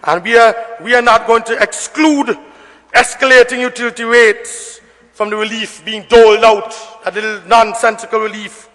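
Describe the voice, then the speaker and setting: A man giving an emphatic, repetitive budget debate speech in parliament, often rising to shouts. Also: very high-pitched, steady tone, moderate pace. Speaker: member of parliament. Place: parliament chamber. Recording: long reverb of a debating chamber.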